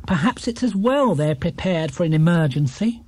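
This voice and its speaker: A man voicing a wry, stern older housekeeper who makes dry, dark remarks. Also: sits high, animated, moderate pace, breathy edge, no echo.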